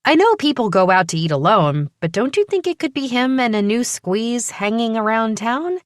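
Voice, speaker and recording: Lady putting on an excitable young rookie cop, high and bouncy, dead dry audiobook sound. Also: normal speed, no room sound. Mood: eager. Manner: bubbly, rising and earnest. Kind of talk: audiobook character voice.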